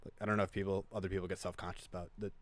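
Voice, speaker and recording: A man's voice: low voice, racing. A man with a slight lisp co-hosting a podcast, telling stories animatedly in casual chat. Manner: animated storyteller.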